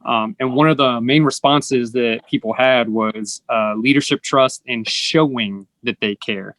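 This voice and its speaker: A man's voice: medium pitch, a little slow, a bit bright, dry recording. A man hosting an interview, explaining earnestly and acting out the lines people say. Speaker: host. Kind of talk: casual conversational interview.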